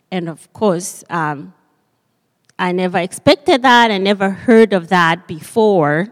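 A woman telling a story to children at church, speaking hesitantly with many pauses and fillers. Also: on the low side, big-room sound.

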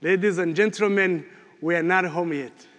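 A man preaching a sermon and closing prayer, telling a story with animated swings from loud to hushed. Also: sits high, moderate pace. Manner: animated storytelling, rising loud then dropping to near whisper. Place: church. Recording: reverberant church hall.

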